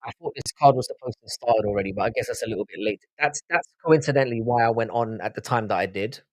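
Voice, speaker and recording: A man with a South London accent chats loosely on a live stream, swearing freely and wandering between topics. His voice is husky and slightly rough. The sound is dry and close, with almost no room echo. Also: mid-range voice, quick pace. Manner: rambling, profane banter, answers viewers' chat. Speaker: livestream host. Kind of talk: casual live-stream chat.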